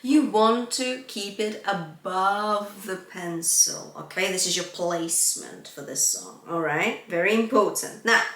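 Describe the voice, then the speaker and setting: Bright-voiced woman vocal coach, slow and echoey. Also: medium pitch. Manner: bright, upbeat teaching, breaks into breathy sung demonstrations. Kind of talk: singing lesson with sung examples. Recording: echoey room.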